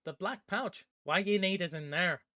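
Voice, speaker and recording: A man voicing a fierce, tough female Kithkin archer in an audiobook, sharp and commanding. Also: sits high, moderate pace, no room sound, studio quality, voice pushed up. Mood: threatening.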